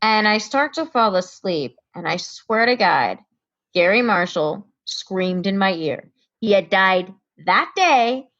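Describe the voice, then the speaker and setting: Woman, from connecticut, comedian guest, casual storytelling, acts out quotes, medium pitch, muffled lo-fi audio. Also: slow pace. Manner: animated storyteller acting out quoted voices.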